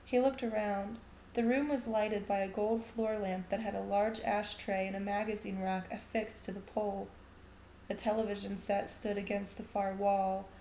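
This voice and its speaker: A woman reading a short story aloud in a steady, even narrating voice. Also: mid-range voice, slight background noise. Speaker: reader. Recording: echoey room.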